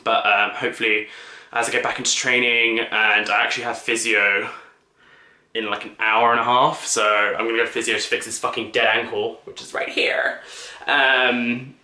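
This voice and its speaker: A man's voice: medium pitch, little pitch movement, normal speed, pushed and bright. A young man chatting casually in a vlog, camp and full of fillers and restarts. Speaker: vlogger. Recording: echoey room.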